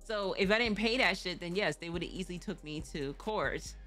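Young woman, low voice, bright tense tone, profane storytelling, faint music. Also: brisk. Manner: candid, profane, laughing storyteller. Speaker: streamer. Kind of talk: casual storytime chat.

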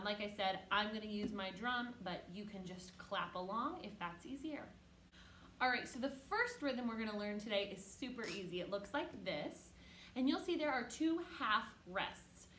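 A woman's voice: mid-range voice, a bit bright, a little hiss or hum. A woman teaching an online music lesson to children, speaking patiently and encouragingly. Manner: patient, encouraging, speaks slowly and clearly to kids. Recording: roomy echo, faint music behind.

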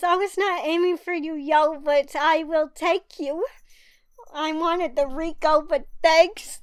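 A woman giving casual commentary while pulling cards in a mobile game, talking in an excitable, pleading, dramatic way. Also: sits high, takes it slowly, dry recording, clean studio sound, soft background music.

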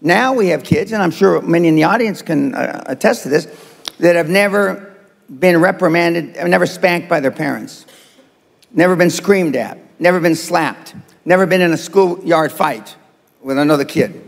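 A high-pitched, gravelly older man lectures a seminar crowd, blunt and profane, jabbing at the audience. His voice rings out in a reverberant live hall. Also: normal speed. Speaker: seminar speaker. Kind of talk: motivational seminar talk.

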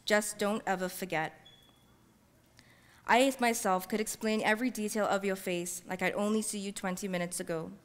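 A woman author reading her fiction aloud in a measured, heartfelt first-person voice, using Caribbean-English dialect. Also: medium pitch, fairly even intonation. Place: library event space. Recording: long reverb from a large hall.

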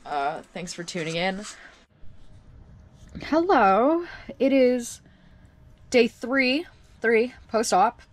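A woman's voice: on the low side, noisy background. A woman in her twenties talking casually to the camera at home in a wry, self-deprecating video diary. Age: 20s. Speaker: vlogger. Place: at home, indoors.

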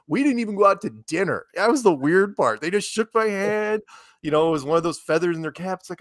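A man's voice: a little high, expressive, a little fast, no echo, clean studio sound. A man being interviewed, telling chatty anecdotes and laughing as he goes. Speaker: interviewed guest. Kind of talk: casual storytelling interview.

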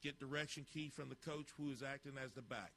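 A man's voice: mid-range voice, quick pace, a bit bright. A man coaching football, narrating drill footage with blunt, clipped instructions and critiques.

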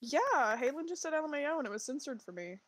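A woman's voice: high voice, big pitch swings, quick pace, poor audio. Rambling chatty woman on voice chat. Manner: rambling, full of likes and ums. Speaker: co-player and friend of the streamer. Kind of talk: casual voice chat while gaming.

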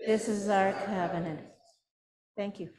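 A woman leading a church service, relaxed and informal as she cues the congregation. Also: medium pitch, measured pace, very noisy. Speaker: service leader.

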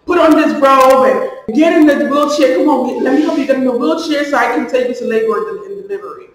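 A woman's voice: high voice, quick pace. A woman vlogger casually telling a story to the camera, animating it by acting out the dialogue. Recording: echoey room from a distance.

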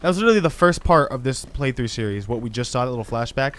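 A man hosting a gaming channel, giving excitable, slangy commentary as he plays a horror game. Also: medium pitch, fast talker. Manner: excitable, exclamatory, casual slang. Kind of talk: let's play commentary.

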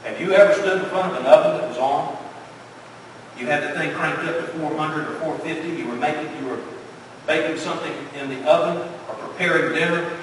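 A male pastor preaches with emphasis in a fairly high voice, posing rhetorical questions and then falling quiet. He is picked up from a distance in a church hall, so the sound carries a long reverberating echo. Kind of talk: sermon. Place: church sanctuary. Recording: echoey church hall from far off, faint noise.

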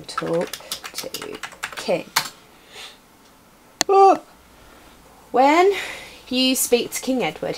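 Girl streaming an old point and click game, jokey, slow easy talk, keyboard clicks and faint hiss behind. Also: a little high, big pitch swings, gravelly, darkish tone. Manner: playful, chatting to viewers while typing commands. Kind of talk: casual live-stream commentary. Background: keyboard typing.

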